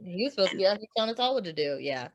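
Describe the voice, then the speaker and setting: A woman chatting casually on a podcast, laughing often and chiming in with quick agreeing asides. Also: medium pitch, very animated, no echo. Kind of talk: casual chat. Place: podcast recording.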